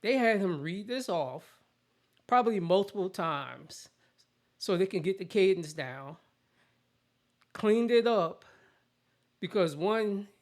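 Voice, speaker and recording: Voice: mid-range voice, expressive, slow pace, pauses often. A show host giving casual political commentary in a blunt, opinionated rant, often restarting sentences.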